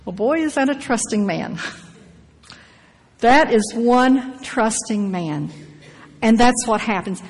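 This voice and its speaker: Woman preacher reading scripture then breaking in w/ her own asides, kinda high voice, long hall echo. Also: lively intonation, takes it slowly, long pauses, slightly rough. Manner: reads scripture aloud, then comments with emphatic asides.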